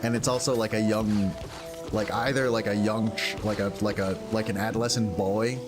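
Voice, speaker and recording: Low-ish guy streaming a game, rambly, lots of likes, music going underneath. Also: steady tone, moderate pace. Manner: rambling, filler-heavy, thinks aloud. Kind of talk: casual gameplay commentary.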